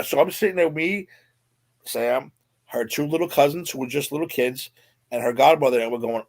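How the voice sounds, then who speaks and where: A man's voice: medium pitch, normal speed. A man co-hosting a podcast, telling a story in casual, profane chat and muttering the quoted lines. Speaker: podcast co-host.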